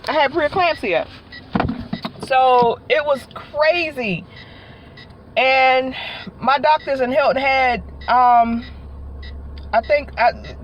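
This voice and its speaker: A woman's voice: fairly high pitch, a little hiss or hum. A woman, from South Carolina, telling a personal story in a chatty way from her parked car, often calling out to her viewers and acting out what people said. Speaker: vlogger. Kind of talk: casual storytime monologue. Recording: dull lo-fi audio.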